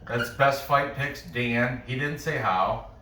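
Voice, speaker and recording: A man's voice: medium pitch, takes it slowly, bright, forceful tone, roomy sound, recorded from a distance, slight background noise. A man hosting a casual podcast about fight picks, rambling with frequent laughs and restarts. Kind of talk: casual chat.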